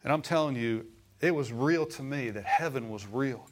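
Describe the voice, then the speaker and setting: Middle-aged male preacher, anecdotal sermon delivery, bursts of emphasis, mid-pitched voice. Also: moderate pace, background noise. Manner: storytelling, rising to emphatic exclamations.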